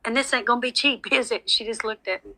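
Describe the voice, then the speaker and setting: A woman with a high, very bright voice tells a rambling story in casual chat. She curses freely and laughs her way through it. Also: fast talker, low-quality recording. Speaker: guest telling a story.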